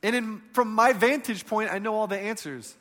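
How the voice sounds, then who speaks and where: Brief: bright, forceful male preacher, high voice, sermon storytelling that drops to a hush, long hall reverb. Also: moderate pace. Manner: conversational storytelling, swinging between loud and hushed.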